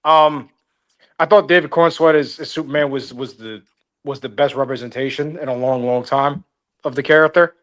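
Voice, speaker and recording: A man's voice: mid-range voice, fairly even intonation, normal speed, a bit bright. A man co-hosting a casual podcast, upbeat and enthusiastic as he gives his review. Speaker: podcast co-host. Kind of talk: casual chat.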